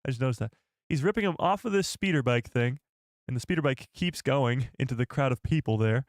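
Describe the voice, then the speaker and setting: A man hosting a live stream and reacting to a trailer, excitable and incredulous, talking straight to his chat. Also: medium pitch, a little fast, no echo, studio quality.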